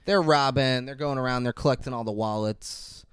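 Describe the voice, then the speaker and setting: A man's voice: mid-range voice, normal speed, fairly bright tone, smooth, dry recording, clean studio sound. A man co-hosting a podcast movie review, walking through scenes and quoting the characters' lines. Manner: retells scenes, quoting lines in put-on voices. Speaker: podcast co-host. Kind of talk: casual movie review chat.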